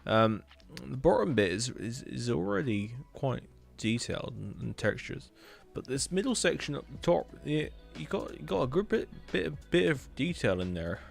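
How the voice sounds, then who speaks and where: Gravelly Hampshire-accented man chatting on stream. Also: mid-range voice, very animated, moderate pace, hardly any pauses, soft background music. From England. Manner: chatty, rambling, repeats words. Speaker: streamer reviewing builds. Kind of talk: casual live-stream commentary.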